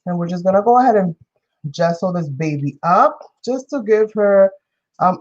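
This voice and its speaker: A New York woman hosts a craft stream, chatting casually as she works and effusively greeting and thanking viewers by name. Her voice sits on the low side with a darkish tone, and the highs are cut off.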